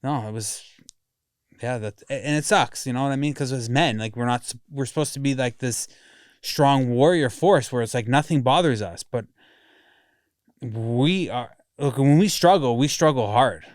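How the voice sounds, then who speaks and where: A man's voice: medium pitch, moderate pace, a little mellow, dry recording, studio quality. A man in his thirties talking candidly in a casual podcast conversation, rambling and swearing often.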